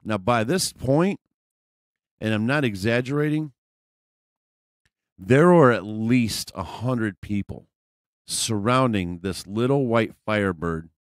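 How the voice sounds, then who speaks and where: A man's voice: on the low side, no echo, clean studio sound. A man vlogger telling a personal story in a casual, rambling way, full of fillers and profanity.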